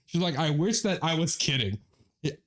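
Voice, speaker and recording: Young guy on a podcast, telling a wild story, slightly high voice, does his friends' lines, swears a ton. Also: normal speed. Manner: animated storyteller, quotes friends in their voices, swears a lot. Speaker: podcast co-host. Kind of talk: casual chat, retelling a story.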